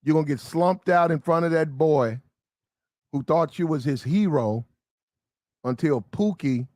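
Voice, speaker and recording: A man giving animated storytelling commentary, full of slang. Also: a little high, normal speed, no echo, studio quality.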